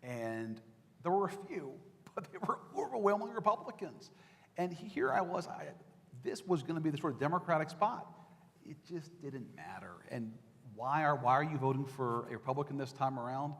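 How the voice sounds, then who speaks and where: A man's voice: on the high side, expressive, normal speed. A man, a political reporter, telling campaign stories to an audience in a conversational, anecdotal way, with fillers and restarts. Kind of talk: talk to an audience. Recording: echoey hall with long reverb.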